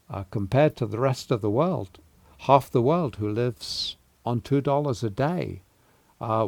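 A male preacher teaches through scripture at an unhurried pace, a mid-pitched voice recorded close and dry. He pauses with small fillers and then presses key words with rising force. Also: darkish tone, no room sound. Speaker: preacher teaching on a Bible letter. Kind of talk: sermon.

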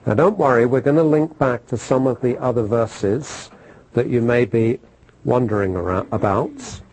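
A man's voice: mid-range voice, animated, normal speed, a little mellow, husky, rough recording. A man preaching a sermon, repeating phrases for emphasis and asking his listeners questions.

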